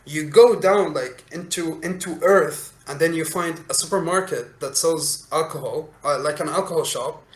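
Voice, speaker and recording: A young man from Syria, a podcast co-host telling a story casually, animated, laughing often, with many fillers. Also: on the high side, moderate pace, few pauses. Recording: echoey room.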